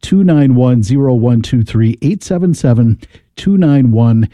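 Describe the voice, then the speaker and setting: A man's voice: mid-range voice, lively intonation, measured pace, dry recording, clean studio sound. An American man hosting a radio pledge drive, chatting with fillers and enthusiasm. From United States. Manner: rambling, warm enthusiasm with fillers. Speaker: radio host.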